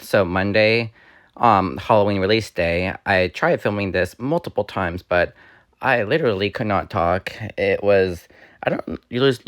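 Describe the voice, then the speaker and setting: Male vlogger, slightly raspy and rambling, lowish voice, dry close recording. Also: dry recording. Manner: rambling, with fillers and restarts. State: slightly raspy, recovering from illness. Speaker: YouTuber. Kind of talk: casual voice-over for a store walkthrough.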